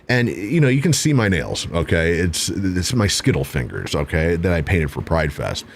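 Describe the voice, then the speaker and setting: A man hosting a talk show, telling a bar story in casual, profane, animated speech. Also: low-pitched, moderate pace, a little hiss or hum.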